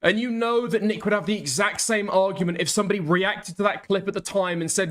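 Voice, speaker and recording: A man's voice: high-pitched, a little fast, few pauses, fairly bright tone. A man ranting in exasperated commentary, swearing often and mocking the people he argues against.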